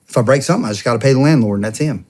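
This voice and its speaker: In a racing, mid-range voice that's a little mellow, an ex-police officer guesting on a podcast earnestly describes an ordeal his family went through. He keeps restarting as he talks conversationally, and he performs other people's quoted speech within this emotional personal story.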